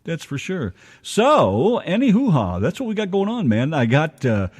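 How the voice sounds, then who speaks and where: A man's voice: on the high side, huge pitch swings, normal speed, darkish tone, breathy edge. A man co-hosting a casual radio show, joking and rambling in a loose, chatty way. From United States.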